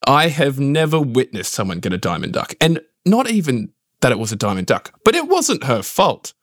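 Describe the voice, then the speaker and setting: Man, podcast co-host, animated and wry, dry close sound. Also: medium pitch, moderate pace, no room sound. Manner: wry, teasing, lively storytelling. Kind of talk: casual cricket podcast chat. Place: his house.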